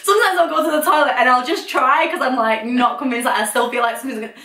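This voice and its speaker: A young woman chats candidly and laughs easily, her fairly high voice bright and sharp. She sounds set back from the mic in a room with plenty of echo. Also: fast. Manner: chatty, candid, laughs often. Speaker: guest. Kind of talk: casual chat. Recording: echoey room, mic at a distance.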